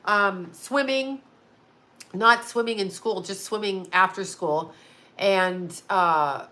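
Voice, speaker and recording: A middle-aged woman hosts a casual live stream from her home through a home video call setup. Her mid-range voice has a sharp tone, and she rambles and chats, laughing often.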